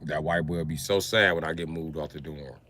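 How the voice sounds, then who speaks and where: A man's voice: rumbling low, fairly even intonation, quick pace, sharp tone. A man ranting casually on a livestream, with profane, slangy, streetwise storytelling.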